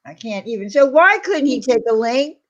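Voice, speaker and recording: A woman's voice: high voice, animated, moderate pace, dull audio, crowd noise. A woman co-streamer in a casual chat, laughing and playfully incredulous.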